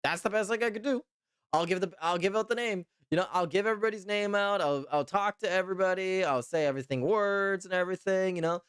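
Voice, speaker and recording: A man's voice: high voice, quick pace, fairly bright tone, clear, resonant tone, dry recording, clean studio sound. A young man from Canada streaming as a VTuber, chatting casually with viewers and rambling with lots of "you know" and "trust me". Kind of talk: casual live-stream chat reading viewer comments.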